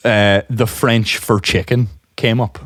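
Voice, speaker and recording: A young man co-hosting a podcast, telling a story in casual chat, animated and laughing often. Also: fairly low pitch, slow pace, no room sound, studio quality. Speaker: podcast co-host.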